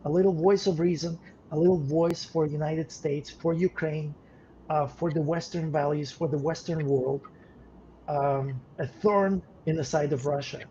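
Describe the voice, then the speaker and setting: Male podcast co-host, earnest and repetitive delivery, mellow tone, lo-fi recording. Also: a little high, fairly even intonation, moderate pace. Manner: earnest, repeats words when starting phrases. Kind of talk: casual podcast talk. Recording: dull lo-fi sound with faint noise.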